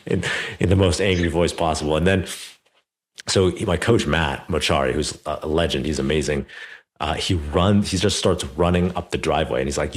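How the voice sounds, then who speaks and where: A man in his thirties with a low, rumbling voice hosts a podcast interview at a fairly quick pace. He tells a story conversationally, his speech packed with fillers, in a casual interview setting.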